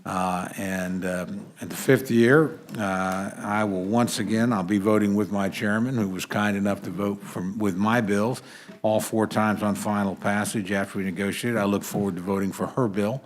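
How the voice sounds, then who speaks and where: A man with a slightly low voice addresses a committee in a hearing room. He speaks earnestly and at a measured pace, with frequent "uh" pauses between phrases. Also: fairly even intonation. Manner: measured, many "uh" fillers, earnest. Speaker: congressman testifying at a committee hearing. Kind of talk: formal committee remarks.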